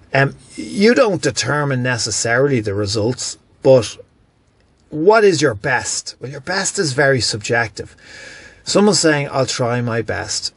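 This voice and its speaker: A man's voice: mid-range voice, dry recording. Blunt, emphatic man hosting a podcast. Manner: emphatic, blunt, self-correcting. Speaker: podcast host. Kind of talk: solo motivational podcast monologue.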